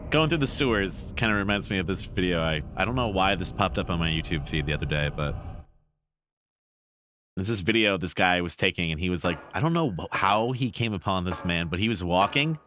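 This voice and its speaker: A man's voice: low voice, lively intonation, brisk, fairly bright tone, slight background noise. A man streaming a horror game, chatting casually and rambling as he plays, swearing now and then and trailing off mid-thought. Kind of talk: casual gameplay commentary.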